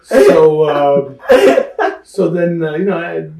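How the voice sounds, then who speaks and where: A man tells stories with a lot of energy, and his voice sits a little high for a man. He acts out the voices of the people he quotes and laughs as he goes. His voice sounds a bit far from the mic, with noticeable room echo. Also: extremely slow, creaky. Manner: animated storyteller who acts out quoted voices. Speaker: interview guest, wrestling veteran. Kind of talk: storytelling shoot interview. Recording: roomy sound, mic at a distance.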